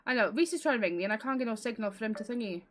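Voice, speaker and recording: A woman's voice: fairly high pitch, animated, very fast. Chatty giggly woman streamer. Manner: chatty and giggly, calls people lovely. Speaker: gaming livestreamer. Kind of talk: casual livestream chat.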